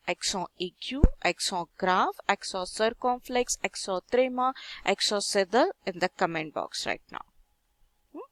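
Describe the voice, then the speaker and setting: A woman with an Indian accent patiently teaches a French lesson in English, going slowly step by step, asking viewers questions and reading French terms aloud. Her voice is a little high and a bit bright, captured in a dry, studio-quality recording.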